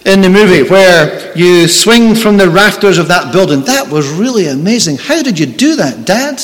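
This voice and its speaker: A man voicing a curious, excited little boy who asks questions eagerly. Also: high-pitched, moderate pace. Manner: eager, wide-eyed questioning. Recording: long reverb in a large hall.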